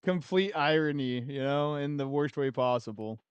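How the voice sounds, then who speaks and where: A man's voice: on the high side, animated, normal speed, clear, resonant tone, dry recording, dull audio. A man streaming a game and chatting casually with viewers, laid-back and laughing often between his thoughts.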